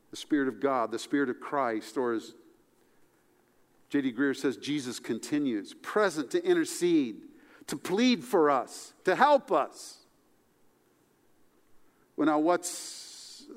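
Male pastor, sermon, animated, fairly high voice, reverberant church room. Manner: animated preaching, voice rising high for emphasis and dropping low and soft.

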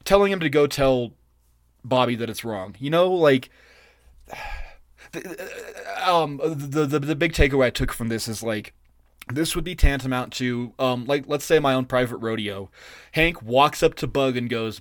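A man's voice: medium pitch, unhurried, dry recording. A man co-hosting a podcast, ranting and swearing in exasperated casual chat. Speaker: podcast co-host.

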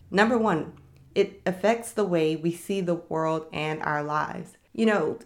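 A woman's voice: low-pitched, creaky. A young adult woman hosting a faith-based podcast, speaking candidly and reflectively about her own experience. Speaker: podcast host. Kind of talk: faith-based personal talk.

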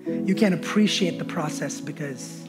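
A pastor preaching a sermon in church, building emphatically and slipping into relaxed storytelling with quoted dialogue. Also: male voice, a little high, moderate pace, over loud music.

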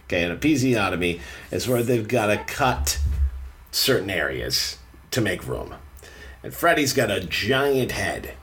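A young man hosting a casual chat, telling a story in an animated way with frequent laughter. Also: fairly low pitch, unhurried, slight background noise.

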